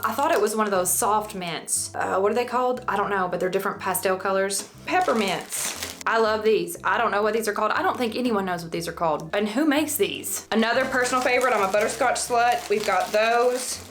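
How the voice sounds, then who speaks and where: A woman's voice: medium pitch, a little fast, fairly bright tone. A woman with a Southern US accent chatting casually through a DIY craft vlog, joking and rambling, now and then stumbling over her words, recorded in a bathroom. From Southern United States.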